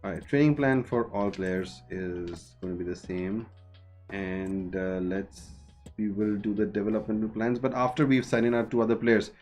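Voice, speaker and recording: A man streaming a football management game, chatting casually and haggling out loud with the players he signs. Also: on the low side, fairly even intonation, normal speed, faint music behind. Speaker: gaming streamer.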